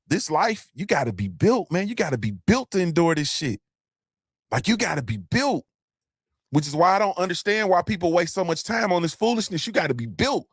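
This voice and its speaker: Male host, high voice, emphatic and repetitive, blunt with profanity, dry close sound. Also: slightly rough, no room sound. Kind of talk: motivational live-stream talk.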